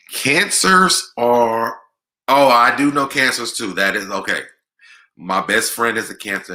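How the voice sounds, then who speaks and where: A man's voice: low-pitched, sharp tone. A young man hosting a livestream, reading viewer comments aloud and answering them in a chatty, laughing way. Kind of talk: casual chat.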